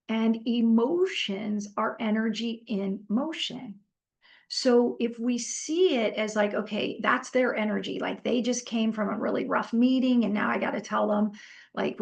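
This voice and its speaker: A woman's voice: a little high, gravelly. A middle-aged woman teaching a workshop in a casual, conversational way, telling stories and asking her group for comments. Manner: animated storytelling, conversational with fillers. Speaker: workshop trainer.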